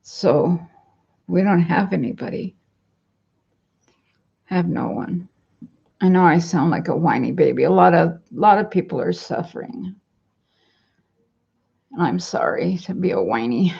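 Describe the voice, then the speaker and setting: A woman with a lowish, gravelly, slightly rough voice of darkish tone talks in an animated way at a measured pace, pausing often. She's casually vlogging at home, rambling dejectedly and reading viewer comments aloud. The computer webcam mic produces dull lo-fi audio.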